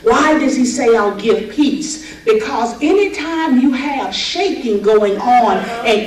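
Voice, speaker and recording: A woman's voice: fairly high pitch, expressive. Fervent woman preacher in an echoey hall. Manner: reads scripture slowly, then builds to fervent shouting with laughs. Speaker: pastor. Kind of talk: sermon at a women's conference. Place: large conference hall. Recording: echoey hall, preacher from far off, audience noise. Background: responsive audience.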